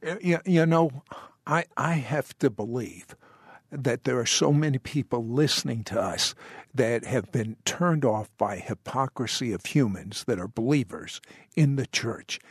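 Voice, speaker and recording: A man's voice: medium pitch, a little slow, breathy edge, no room sound, studio quality. A man hosting a faith radio interview, eager, with stammering starts and preachy asides. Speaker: radio host. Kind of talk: interviewing a guest.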